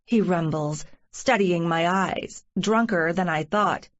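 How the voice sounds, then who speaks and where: Woman narrator, first-person romance audiobook, slow measured reading, dull lo-fi audio. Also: on the low side. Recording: muffled lo-fi recording.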